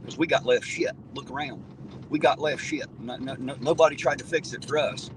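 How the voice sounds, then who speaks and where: A man's voice: on the high side, brisk, noisy background. Blunt, profane man rambling on a livestream. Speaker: livestream host reading viewer comments. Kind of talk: casual livestream chat.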